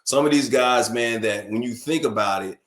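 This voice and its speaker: A man raised between New York and Alabama, talking sports as a radio guest. He speaks in an animated, emphatic way, tripping over repeated words when he gets going. His voice sits in a middle range and carries a roomy echo. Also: medium pitch, normal speed. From born in New York, raised in Alabama. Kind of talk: casual sports radio chat. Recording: echoey room.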